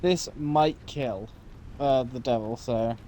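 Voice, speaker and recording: Mellow-voiced man swearing through gameplay. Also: medium pitch, slow, a little hiss or hum. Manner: swears freely, laughs at mishaps. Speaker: game player. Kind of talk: casual gameplay chat.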